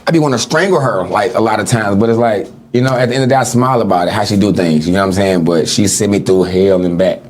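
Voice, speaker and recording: Podcast guy, talks super fast, slangy storytelling, keeps saying listen, faint room noise. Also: fairly low pitch. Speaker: podcast guest. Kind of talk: casual podcast chat.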